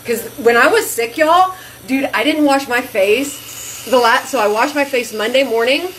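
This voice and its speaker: A woman's voice: fairly high pitch, normal speed, a bit bright, slight background noise, poor audio. A woman hosting a casual vlog, chatting effusively to her viewers from a bathroom sink at home. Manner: chatty and effusive, says "y'all". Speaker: vlog host. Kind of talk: casual chat to camera.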